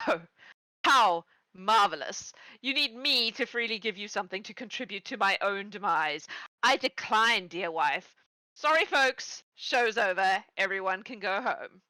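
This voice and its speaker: A woman's voice: mid-range voice, lively intonation, unhurried, few pauses, pushed and bright, dry recording, poor audio. Oberon, a woman playing a gloating fey king. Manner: gloating, mocking. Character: smug fey king, arrogant and scornful.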